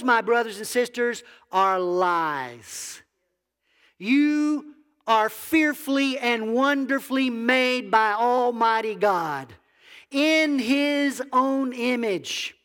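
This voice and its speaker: A man's voice: extremely high pitch, fairly bright tone, long reverb tail. A man, a biblical counselor, preaching a conversational sermon that asks the audience questions. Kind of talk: sermon to a congregation.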